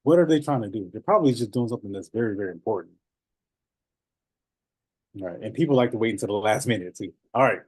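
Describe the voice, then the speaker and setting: A man coaching notaries in a casual, animated talk, laughing often and repeating phrases. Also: lowish voice, fast talker, pauses often, slightly rough, no echo.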